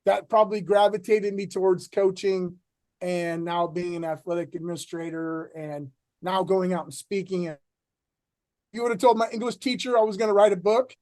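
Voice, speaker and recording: A middle-aged man, an athletic director, talking in a casual interview with energetic bursts and many restarts. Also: sits high, moderate pace, dry recording. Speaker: athletic director, podcast guest.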